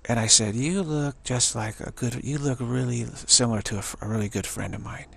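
Gravelly-voiced man in his sixties. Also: medium pitch. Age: 60s. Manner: halting, repeats words and restarts often. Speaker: spiritual teacher. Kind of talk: rambling spiritual talk.

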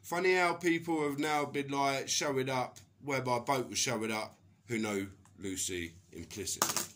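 A man's voice: mid-range voice, normal speed, fairly bright tone. A middle-aged man from England, ranting angrily to camera, swearing and mocking others in put-on voices. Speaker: vlogger. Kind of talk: angry personal rant to camera.

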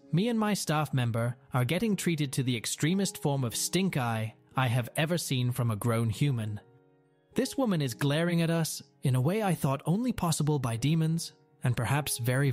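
A man's voice: on the high side, darkish tone. Wry male storyteller over faint music. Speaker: store manager. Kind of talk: reading a story aloud.

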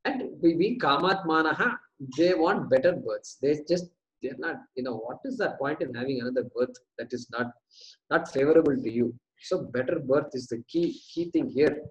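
A man leads a classroom lecture on scripture verses in a voice that sits a little high. He takes each term apart word by word and says the pieces again. He keeps posing questions and answering them himself. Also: moderate pace, lo-fi sound, slight background noise. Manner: breaks Sanskrit terms down word by word, repeating them. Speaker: scripture teacher.

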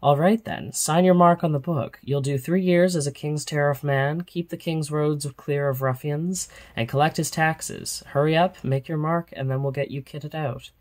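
A man reading aloud and voicing a brusque male army captain with a rasping voice who barks curt orders. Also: a little high, steady tone, moderate pace, hardly any pauses, a little mellow, no echo, close to an everyday voice. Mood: gruff.

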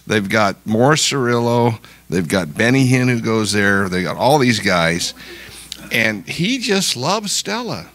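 A man's voice: medium pitch, gravelly, fairly bright tone. A male pastor preaching in an exuberant style, calling out hallelujahs and encouragement to the congregation. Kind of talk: sermon.

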